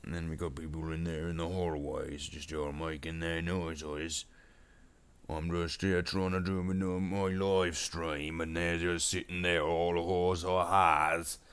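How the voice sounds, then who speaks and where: A man's voice: very deep voice, a bit bright, smooth, heavily acted. A man streaming while he paints miniatures, voicing a bragging male orc warboss who rambles on. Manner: rambling, boastful, with slow drawn-out declarations. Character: boastful male orc warboss, big and bossy. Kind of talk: casual live stream chat in character.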